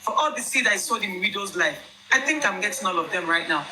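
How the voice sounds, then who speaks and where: A young Nigerian woman with a Nigerian accent telling viewers her own story in an emphatic, animated way. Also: medium pitch, a little fast, crowd noise, low-quality recording. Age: young adult.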